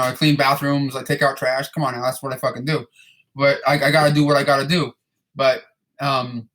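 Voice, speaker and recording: Medium-pitched and fairly bright, a man in his 30s fields viewer questions in a loose chat. His talk is rambling and profane, with frequent repeats and restarts.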